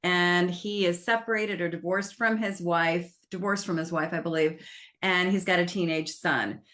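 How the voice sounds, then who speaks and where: A woman film critic, chatting casually and retelling a movie plot in an animated way. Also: fairly low pitch, moderate pace. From United States. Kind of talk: casual film review chat.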